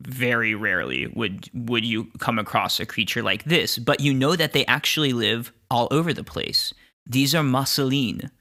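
A man narrating a tabletop game as game master, describing scenes in an unhurried way. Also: mid-range voice, creaky, bright, forceful tone.

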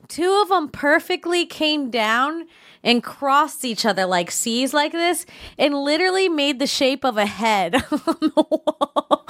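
A woman in her thirties, co-hosting a podcast at home and telling a story in a casual chat, laughing often and getting excited. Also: high-pitched, measured pace. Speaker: podcast co-host.

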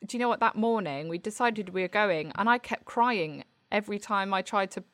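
A woman talking in a relaxed conversational way. She reflects openly, circling back and restarting her thoughts as she goes, in a mid-range voice. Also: mid-range voice, a little fast. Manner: candid, reflective, rambling with restarts. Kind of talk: casual conversational chat.

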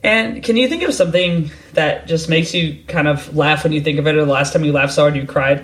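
A podcast host asking questions in a casual interview chat, easygoing with quick affirmations. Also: mid-range voice.

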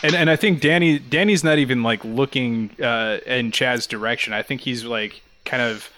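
A man's voice: medium pitch, normal speed, bright, forceful tone, slight background noise. A man playing a tabletop game, describing his character's actions hesitantly, with plenty of fillers. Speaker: player.

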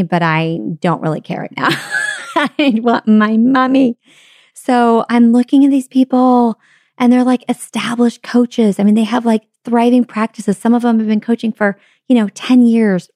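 A woman's voice: medium pitch, warm tone, dry recording, clean studio sound. A woman hosting a podcast, telling a personal story in a candid, chatty way and talking straight to her listeners at the microphone. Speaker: podcast host. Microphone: studio microphone.

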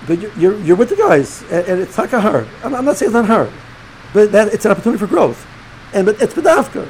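A middle-aged man with a fairly high voice gives a loose, animated religious lecture, often stumbling over and repeating words as he goes. A faint hiss sits under his speech. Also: fast, rough recording. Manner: animated, repeats and restarts words, sprinkles Hebrew and Yiddish terms. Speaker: rabbi teaching students.

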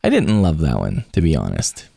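A man's voice: extremely low pitch, wildly swooping pitch, moderate pace, vocal fry, dark tone, breathy edge, no room sound, clean studio sound. A man hosting a podcast in easygoing, casual chat, leading the segments and asking questions. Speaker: podcast host.

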